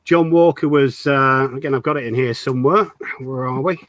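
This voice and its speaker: A man's voice: mid-range voice, moderate pace, dry recording. A man from the UK hosting a casual fan interview, explaining his views in an earnest, thorough way. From United Kingdom. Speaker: host.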